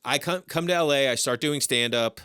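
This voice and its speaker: Bright-toned guy from boston spinning a story, acts out voices, dry close mic. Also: medium pitch, moderate pace, clean tone, no echo. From Boston area, USA. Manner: animated storyteller acting out voices. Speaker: comedian guest. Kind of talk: casual storytelling chat.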